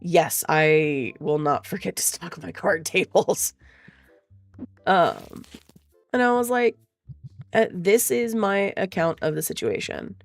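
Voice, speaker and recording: A woman's voice: lowish voice, takes it slowly, creaky, long pauses, dry recording, faint music behind. A woman talking in a casual chat, venting in a profane, exasperated way. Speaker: streamer.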